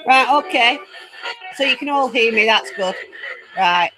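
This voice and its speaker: Giggly high-voiced woman host. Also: measured pace, music in the background, rough recording. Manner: chatty, giggly, easily excited. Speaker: paranormal channel host. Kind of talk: casual live chat. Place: home. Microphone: laptop.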